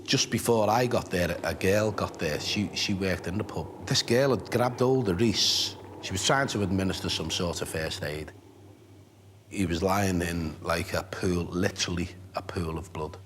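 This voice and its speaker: A man giving a shaken, halting eyewitness account in a documentary interview. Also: deep voice, background noise.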